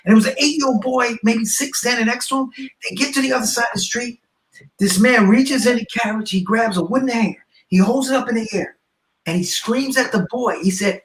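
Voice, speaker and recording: A man telling a story as a guest educator, acting out the people in it with loud bursts. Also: very high voice, animated, fairly quick, roomy sound. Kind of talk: storytelling in a podcast conversation.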